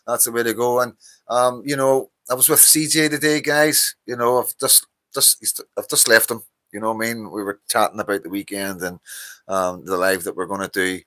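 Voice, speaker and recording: A tired middle-aged man with a Northern Irish accent hosts a casual live stream, greeting viewers and rambling with plenty of fillers. His voice sits low but sounds pushed and bright.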